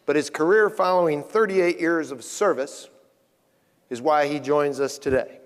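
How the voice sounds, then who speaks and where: A man introduces the next speaker in a measured, ceremonial way. His voice sits a little high, and a long reverb from a large hall trails each phrase. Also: steady tone. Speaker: event emcee.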